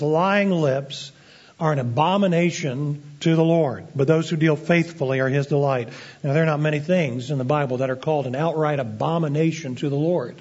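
A man preaching a sermon as pastor, earnest and deliberate, slowing down to stress key phrases. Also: on the high side, darkish tone. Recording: dull lo-fi sermon recording.

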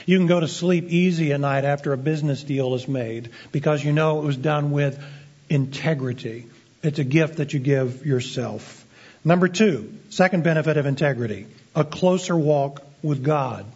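A man preaching a sermon as pastor, earnest and deliberate, slowing down to stress key phrases. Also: fairly high pitch, a little mellow, breathy edge. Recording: dull lo-fi sermon recording.

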